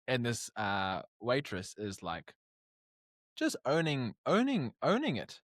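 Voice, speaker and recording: A man's voice: medium pitch, slow pace, no echo, clean studio sound. A young man with a New Zealand accent, chatting casually on a podcast and acting out the people in his stories. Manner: animated, acts out dialogue in stories. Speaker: podcast guest. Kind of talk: casual storytelling chat.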